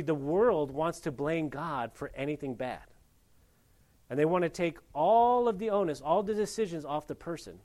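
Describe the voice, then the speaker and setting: Animated, plain-spoken male preacher. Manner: animated, swings from loud emphatic rises to quiet low asides. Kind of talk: sermon.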